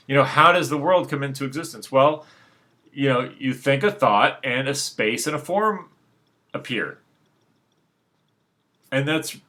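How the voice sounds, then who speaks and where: With a bright, forceful voice in the mid range, a man delivers an unscripted, rambling monologue on spirituality. He restarts often and leans on fillers, sounding frank and unbothered.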